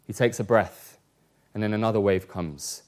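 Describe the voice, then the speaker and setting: A man preaching a sermon, earnest, reading scripture aloud with slow, weighty emphasis. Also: fairly low pitch.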